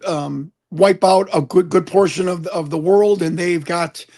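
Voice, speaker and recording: A man's voice: sits high, steady tone, unhurried, darkish tone. A man, a guest and UFO investigator, talking earnestly in an interview, often repeating words as he searches for the next thought. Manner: earnest, preachy, repeats words when stuck. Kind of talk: conversational interview.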